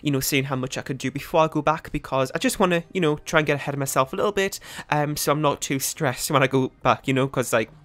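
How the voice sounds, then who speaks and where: A young British man talks his viewers through a game build in a loose, rambling way, full of ums and likes. His voice sits a little higher than most men's. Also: fast talker, few pauses, a bit bright. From United Kingdom. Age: young adult. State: out of breath. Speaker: gaming YouTuber. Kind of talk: casual commentary over a speed build.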